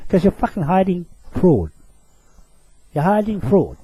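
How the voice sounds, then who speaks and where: A man's voice: sits high, sing-song, unhurried, mellow, husky, rough recording. A man delivering an angry, profane rant to camera. He accuses his target directly and repeats short phrases for emphasis.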